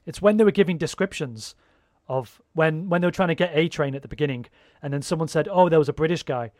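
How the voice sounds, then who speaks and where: Rambling, sweary man with a higher voice. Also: fast, no room sound, studio quality. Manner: rambling, swears freely, animated. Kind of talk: casual chat.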